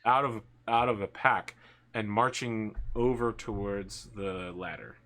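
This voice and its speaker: A young adult man narrating a tabletop game as game master, slowing down for dramatic moments. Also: fairly low pitch, bright, forceful tone.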